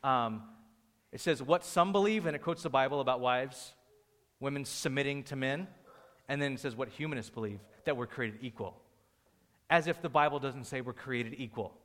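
A man's voice: medium pitch, normal speed, fairly bright tone. A man preaching a sermon, conversational and joking with the congregation. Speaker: pastor. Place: church hall. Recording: long hall reverb.

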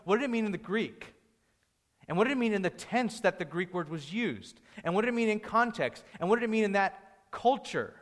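A man's voice: high voice, animated, a little fast. A man preaching a sermon, conversational and joking with the congregation. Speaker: pastor. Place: church hall. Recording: long hall reverb.

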